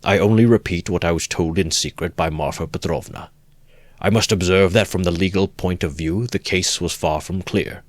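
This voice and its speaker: A man reading aloud, voicing a pompous, long-winded middle-aged gentleman. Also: deep voice, steady tone, moderate pace, no echo, natural voice.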